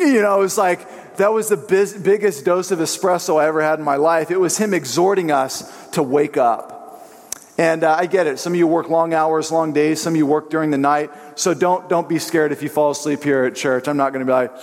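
A man pastor preaching a sermon in a church, animated and joking as he tells personal stories. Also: on the high side, brisk, long reverb tail. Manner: animated, joking storyteller who slips into voices.

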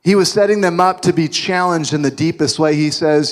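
A male preacher delivering a sermon in a dramatic storytelling way, with wry asides. His voice sits a little high. The sound carries the long reverb of a large sanctuary. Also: steady tone, a little fast, few pauses.

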